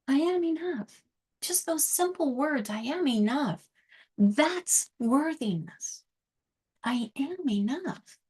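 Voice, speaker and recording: A middle-aged woman speaking in a fairly high voice. She talks earnestly and reflectively as a host, confiding in her listeners. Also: slightly rough. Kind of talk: casual solo talk on books and self-worth.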